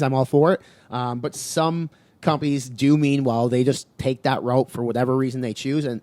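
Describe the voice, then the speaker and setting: A man's voice: mid-range voice, darkish tone, no room sound. A man co-hosting a podcast, casually summing things up in plain terms. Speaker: podcast co-host.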